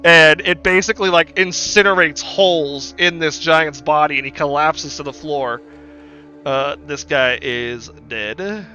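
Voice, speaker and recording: A man's voice: on the high side, unhurried, sharp tone, soft background music. A man narrating a tabletop game as game master, casual and full of fillers.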